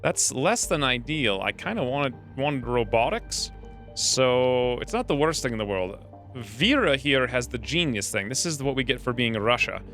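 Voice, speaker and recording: A man's voice: medium pitch, lively intonation, normal speed, fairly bright tone, faint music behind. A man hosting a let's play video, giving casual, upbeat commentary and explaining his plans as he plays. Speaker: gaming channel host.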